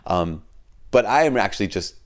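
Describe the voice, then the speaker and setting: A man, a priest giving a conversational homily and podcast message. He tells stories in a lively, informal way, with fillers and self-deprecating asides. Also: fairly low pitch, moderate pace. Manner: animated storyteller, acts out quoted people in a raised voice.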